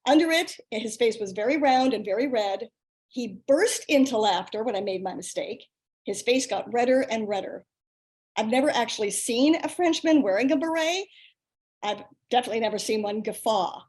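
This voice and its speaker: An older woman with a somewhat high voice reads her own story aloud. She tells it in a lively, self-mocking way. The sound comes through a video call. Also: moderate pace. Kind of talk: reading a personal story aloud.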